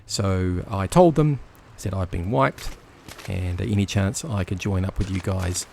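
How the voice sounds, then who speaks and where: A man's voice: low-pitched, measured pace, vocal fry, a little mellow, a little hiss or hum. A man giving blunt, chatty commentary over his gameplay, with the odd swear word. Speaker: gaming YouTuber. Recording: background game music.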